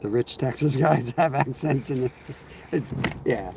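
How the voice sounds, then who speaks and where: A man speaks at a measured pace in a dark, mid-range voice marked by vocal fry. While fishing outdoors on a livestream, he makes casual, rambling conversation and answers his chat, with cricket and insect noise around him.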